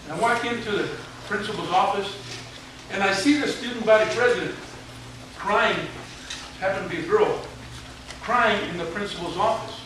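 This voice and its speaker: A retired teacher in his seventies, speaking at a moderate pace in a high, fairly bright voice, entertains students with a humorous, folksy story and some mild swearing. The speech takes place in a large hall with an audience, recorded from far off with echo and background noise.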